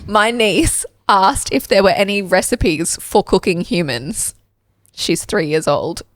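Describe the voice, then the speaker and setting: A woman's voice: mid-range voice, expressive, slow pace, dry recording, studio quality. A woman co-hosting a casual parenting podcast, laughing often and retelling her kids' stories with lots of energy. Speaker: podcast co-host.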